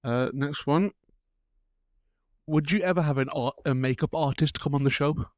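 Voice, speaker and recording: Easygoing young co-host. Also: male voice, on the high side, moderate pace, no echo, clean studio sound. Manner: relaxed, agreeable, reads out listener questions. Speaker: podcast producer and co-host. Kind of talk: casual podcast chat.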